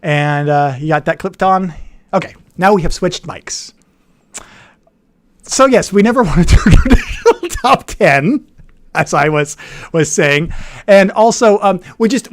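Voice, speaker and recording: A livestream host of a board game show, chatting casually and rambling with frequent self-corrections. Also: medium pitch. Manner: says their voice turns nasal on camera.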